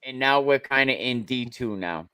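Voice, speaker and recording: A man talks high school sports in a blunt, opinionated way, circling back over his points. His voice sits at an everyday pitch. The sound is dry and close, with no room around it. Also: lively intonation, normal speed, sharp tone, clean tone, no room sound. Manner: blunt, opinionated, repeats himself. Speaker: show host. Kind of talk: casual sports talk.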